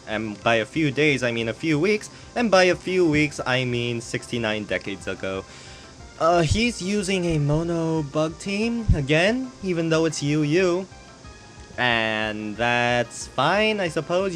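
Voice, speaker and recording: Man, game commentator, casual rambling talk, jokey, swears a bit, mid-pitched voice, faint music behind. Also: a bit bright. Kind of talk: live battle commentary. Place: home on a hot day.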